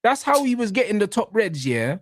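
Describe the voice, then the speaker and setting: A man's voice: high voice, sing-song, brisk, no room sound, clean studio sound. A man, hosting a casual football podcast and ranting in slang, swearing often. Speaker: podcast host.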